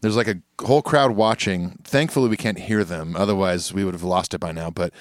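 A man's voice: deep voice, a little fast, no room sound, clean studio sound. A man co-hosting a podcast in casual chat, laid-back and joking as he reads listener emails. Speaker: podcast co-host. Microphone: studio microphone.

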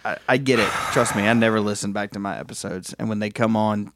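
A man co-hosting a casual sports podcast, talking in a relaxed, opinionated way. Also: on the low side, fast talker, noisy background. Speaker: podcast co-host. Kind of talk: casual chat.

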